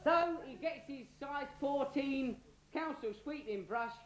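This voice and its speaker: Speaking slowly in a very high voice, this Cockney man from London rambles through a bawdy, cheeky comic tale packed with slang. There's a roomy echo and a faint hiss in the recording.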